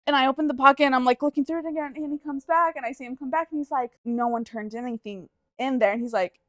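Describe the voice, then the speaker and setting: A woman's voice: high voice, quick pace, no room sound. A young woman co-hosting a podcast, telling a story in casual chat, acting out what everyone said and swearing freely. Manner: animated, acts out quotes, heavy swearing and "like". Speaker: podcast co-host.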